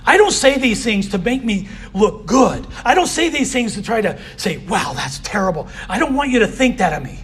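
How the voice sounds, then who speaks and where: A man's voice: sits high, big pitch swings, moderate pace, hardly any pauses, a bit bright, slightly rough. A man giving a candid personal recovery share as a convention speaker, often saying "you know".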